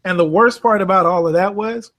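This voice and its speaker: Animated, fairly high-voiced man telling stories. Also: a little fast. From Bermuda. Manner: animated storyteller, swears freely, acts out quoted voices. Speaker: podcast guest, rideshare driver. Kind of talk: casual podcast chat.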